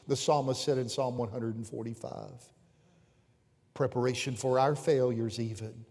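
A man preaching a sermon as pastor, swinging between fervent, raised passages and quiet, hushed appeals to the congregation. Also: medium pitch, fairly even intonation, normal speed. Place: church sanctuary with pews. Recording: long reverb of a church hall.

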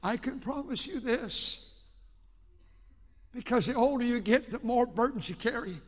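A man preaching a sermon as pastor in a church, impassioned, swinging between hushed and shouting. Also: very high-pitched, a little slow, in a large hall. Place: church sanctuary.

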